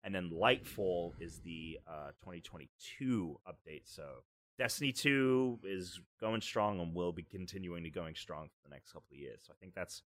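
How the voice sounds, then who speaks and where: A man's voice: sits low, lively intonation, moderate pace, a bit bright, no echo. A man in casual chat, laying out game release plans matter-of-factly.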